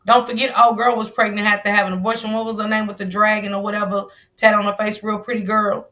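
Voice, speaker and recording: A woman's voice: medium pitch, level tone, fast, bright, forceful tone. A woman hosting a stream, giving blunt, slangy commentary on a clip. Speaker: stream host. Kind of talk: casual commentary on a news clip.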